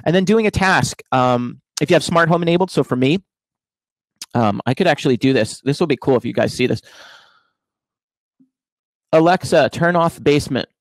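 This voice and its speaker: A man's voice: medium pitch, a little fast, no echo, rough recording. A man giving a casual, explanatory tech talk from his home office, with frequent fillers and restarts. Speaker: conference speaker.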